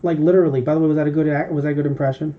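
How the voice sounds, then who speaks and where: A man's voice: on the high side, steady tone, very fast. A man co-hosting a podcast, telling a long, rambling, profane story in casual chat. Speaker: podcast co-host. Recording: dull lo-fi podcast audio.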